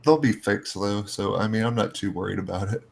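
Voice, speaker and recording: Man, gravelly voice, casual gaming chat, loose and laughing, swears a lot. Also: on the low side, fairly quick.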